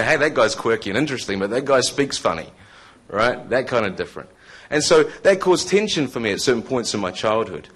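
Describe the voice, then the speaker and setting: A man in his thirties, born in Scotland, with a New Zealand accent, giving a conversational testimony talk to a live audience with jokey asides. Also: medium pitch. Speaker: speaker.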